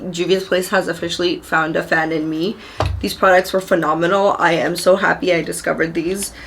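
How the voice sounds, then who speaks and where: A woman's voice: lowish voice, fairly even intonation, fairly quick, a little hiss or hum. A young woman talking casually to camera in a makeup review video, gushing and chatty, addressing her viewers directly from a room at home. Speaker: beauty vlogger. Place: upstairs room at a family home.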